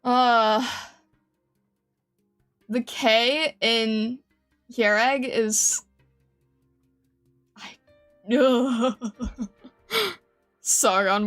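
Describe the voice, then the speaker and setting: A woman's voice: on the high side, extremely slow, long pauses, fairly bright tone, faint music behind. A woman streamer chatting casually with her viewers, giggling often and reading their comments aloud in a flustered way. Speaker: game streamer.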